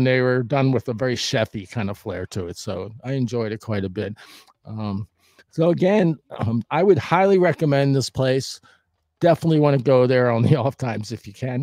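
An older man hosting a casual restaurant review vlog, talking in a rambling way with many fillers and the odd loud whoop. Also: mid-range voice, no echo. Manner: bursts of loud whooping cheers.

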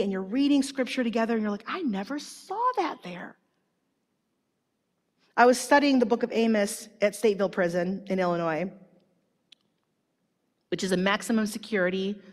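A woman preaching a sermon at a conference, telling stories in a lively, chatty way with a lot of "like" fillers and acting out quotes. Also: mid-range voice. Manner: animated storytelling with many "like" fillers, acting out quotes. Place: large conference hall. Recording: long reverb of a large hall.

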